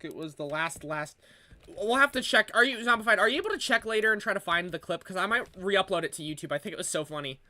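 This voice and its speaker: A man casually chatting with viewers while streaming a game, his voice bright and forward. He laughs often and swears freely, keeping the talk loose and unscripted. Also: high-pitched, lively intonation, fast talker. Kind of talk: casual livestream chat.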